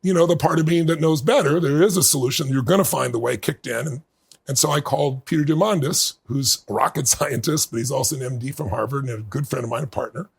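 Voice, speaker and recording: A man's voice: mid-range voice, fast talker, gravelly, husky. A man in his fifties, a podcast guest telling a story in casual conversation and acting out the people he quotes. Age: 50s.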